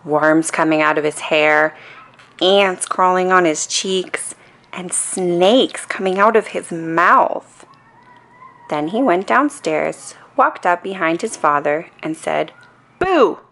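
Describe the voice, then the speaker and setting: A woman reading a children's storybook aloud in a calm, soothing bedtime manner. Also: fairly low pitch, takes it slowly, creaky. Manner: calm, soothing reading with playful character voices.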